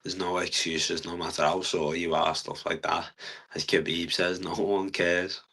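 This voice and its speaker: A young man, a fighter talking earnestly in a casual interview, halting often with fillers. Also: sits low, level tone, sharp tone, husky. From England. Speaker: guest fighter.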